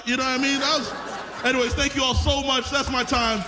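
A man's voice: very high-pitched, flat delivery, fast talker, background noise. A man from Canada telling a self-mocking story in a live stand-up set. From Winnipeg, Canada. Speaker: stand-up comedian.

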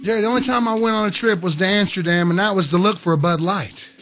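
A man's voice: high-pitched, fast, fairly bright tone. A man co-hosting a show in casual banter, folksy and joking. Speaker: co-host.

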